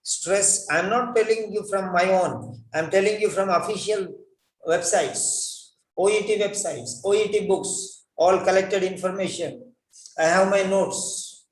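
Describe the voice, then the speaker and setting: Recorded from a distance in a room full of echo, a high-voiced man speaks a little slowly while teaching English pronunciation. He spells each word out letter by letter and repeats it with care, his voice coming from off-mic.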